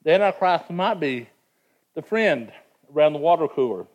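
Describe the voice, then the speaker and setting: A man's voice: on the high side, expressive, measured pace, pauses often, a little mellow, muffled recording. A man preaching a sermon in an earnest, emphatic way, often repeating words as he presses a point. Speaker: pastor.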